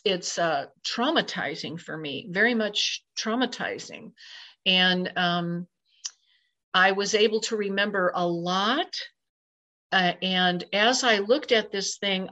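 Interview guest, woman, mid-range voice, lively storyteller who voices her own thoughts, muffled lo-fi sound. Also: mid-range voice. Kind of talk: personal account told in conversation. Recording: slightly dull lo-fi recording.

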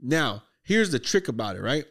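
A man's voice: medium pitch, normal speed. Rambling, profane male podcast host. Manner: rambling, profane, excitable storytelling. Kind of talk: casual movie review chat.

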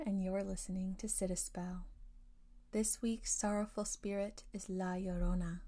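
Hushed woman telling a ghost story. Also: medium pitch. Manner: hushed, often near-whispered delivery. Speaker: storytelling podcast host. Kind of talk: scripted ghost-story narration.

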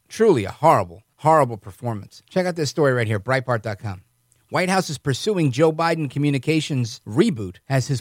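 A man's voice: on the high side, no room sound, clean studio sound. A man hosting a political commentary monologue, sarcastic and mocking in a conversational way. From New York. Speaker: host.

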